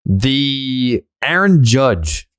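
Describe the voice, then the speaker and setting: A man hosts a podcast chat, asking questions and moving the talk along. His pitch swings in a lively way around a middle register. The recording is dry and close. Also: drawn-out words, clear, resonant tone, no echo. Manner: questioning, steering the conversation. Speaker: podcast host.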